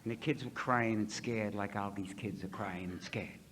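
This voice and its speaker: A man's voice: lowish voice, fairly even intonation, moderate pace, a bit bright, slight background noise. A middle-aged man from Ohio, telling his recovery story to an audience in a folksy, blunt way and acting out the dialogue himself. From Ohio, USA. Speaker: speaker at a recovery convention.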